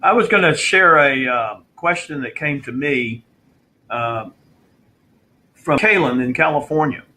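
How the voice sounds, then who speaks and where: A man coaching in a live online session, telling a story and explaining a tip in a relaxed way with fillers. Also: fairly high pitch, measured pace, rough recording. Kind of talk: answering a viewer question in a live online session.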